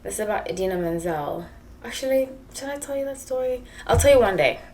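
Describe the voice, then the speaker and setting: Woman, South African English accent, tarot reader, rambling casual monologue, mid pitch, faint background noise. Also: lively intonation, quick pace, darkish tone. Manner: chatty, rambling, laughs often.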